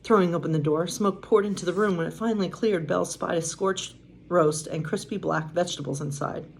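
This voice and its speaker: A woman pastor reading a bedtime story aloud, breaking off for chatty, casual asides. Her voice sits a bit low. Faint noise hums behind her. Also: a little fast, gravelly.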